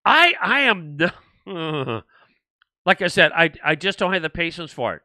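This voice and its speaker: A man's voice: a little high, sing-song, unhurried, pushed and bright, no echo. An older man hosting a political livestream, rambling and indignant, with frequent restarts as he answers viewer comments. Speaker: livestream host.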